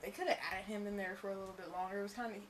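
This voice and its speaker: A woman's voice: medium pitch, fairly even intonation, racing, slight background noise. A woman co-hosting a casual video game review, chatty and often trailing off mid-sentence. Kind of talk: casual chat.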